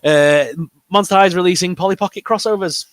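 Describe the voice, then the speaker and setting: A man's voice: high voice, brisk, dry recording. A man with a northern English accent, co-hosting a casual toy and geek news chat in a rambling, upbeat way. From northern England. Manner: rambling, upbeat, trails off humming. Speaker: co-host of a toy news show.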